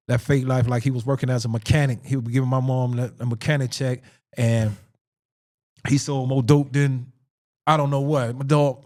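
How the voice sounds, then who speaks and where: A man's voice: mid-range voice, darkish tone. A man co-hosting a podcast, telling a personal story in an emphatic, conversational way, repeating phrases for stress. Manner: conversational, acts out quoted dialogue. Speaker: podcast co-host.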